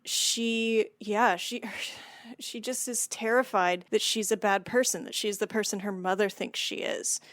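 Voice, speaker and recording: Brief: woman film-podcast co-host, chatty and quick to laugh, medium pitch, close dry mic. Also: steady tone, fairly bright tone, dry recording. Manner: chatty, laughs often, self-deprecating asides. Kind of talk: casual film review chat.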